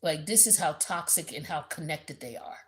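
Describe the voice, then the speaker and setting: A woman giving a blunt, animated tarot reading in a casual, profane, slangy way. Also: low voice, moderate pace. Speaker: tarot reader.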